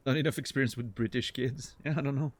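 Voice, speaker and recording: A young man chats casually with his stream while he plays, relaxed and quick to swear or laugh. His voice sits mid-range and close to a dry mic. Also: medium pitch, no room sound. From Switzerland. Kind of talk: casual gameplay chat with viewers.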